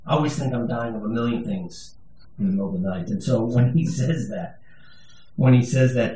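A man's voice: medium pitch, brisk, dark tone. A male pastor giving a sermon, conversational and emphatic, with touches of humor. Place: church sanctuary. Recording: echoey room, voice from a distance.

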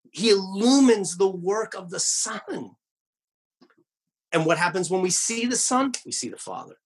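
Preaching with earnest emphasis, this man of the cloth slips in dry, wry asides and lets his voice slow and sink low whenever a key phrase lands. There's a breathy edge to how he sounds.

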